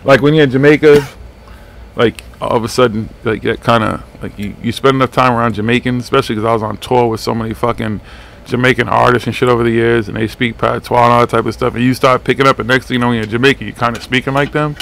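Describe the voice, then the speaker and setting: A male radio host chats loosely and swears freely on a live show. His voice sits in a middle pitch with a gravelly edge. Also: steady tone, fast talker, a bit bright, a little hiss or hum. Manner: rambling, profane, laid-back. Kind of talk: casual live radio chat.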